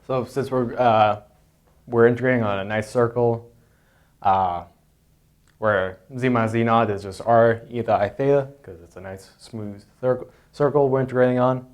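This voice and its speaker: A man's voice: medium pitch, steady tone, moderate pace. A man explaining a math proof in an unscripted lesson, hesitant, with frequent fillers and self-corrections. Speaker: math tutor.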